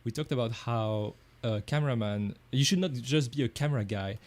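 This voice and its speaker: A man co-hosting a live podcast, chatting in a relaxed, friendly way. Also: medium pitch, a little fast. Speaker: podcast co-host. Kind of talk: casual podcast chat.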